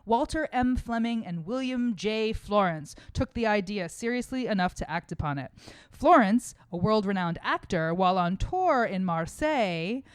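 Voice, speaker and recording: A woman's voice: medium pitch, animated, moderate pace, no room sound. Rambling, profane woman co-hosting a podcast. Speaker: podcast co-host. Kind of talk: casual chat, explaining a topic from notes.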